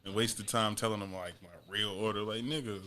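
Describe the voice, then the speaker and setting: A man's voice: on the low side, steady tone, brisk, sharp tone. A young man co-hosting a podcast, telling jokey stories with a lot of laughter in casual chat. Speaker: podcast co-host.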